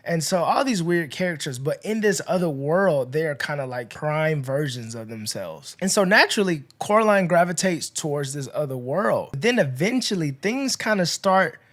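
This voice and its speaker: Podcast guy chatting thru a movie plot, lots of you know and like, gets loud then quiet. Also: on the high side, expressive, moderate pace, few pauses. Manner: chatty, filler-heavy storytelling with swings in loudness. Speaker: podcast host. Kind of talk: casual movie recap.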